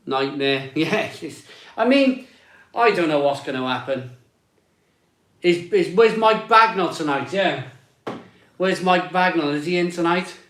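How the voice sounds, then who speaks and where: A man's voice: a little high, echoey room. A man hosting a casual beer live stream, chatting and greeting viewers as he reads their comments aloud.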